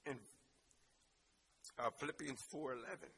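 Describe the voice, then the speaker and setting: A man preaching a sermon as pastor, with a preaching manner that builds to loud, fervent climaxes. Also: mid-range voice, normal speed, gravelly, a little hiss or hum.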